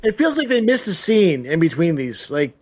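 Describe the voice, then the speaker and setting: A man's voice: a little high, big pitch swings, normal speed, slightly rough. A man with an Australian accent co-hosting a casual movie commentary, dropping short dry quips. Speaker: podcast co-host.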